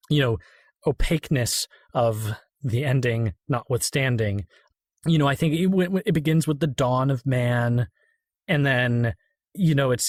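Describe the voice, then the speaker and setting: A man talks about a film on a podcast in a casual, animated way, sometimes dropping his voice to quote lines from it. The studio sound is clean, with no echo.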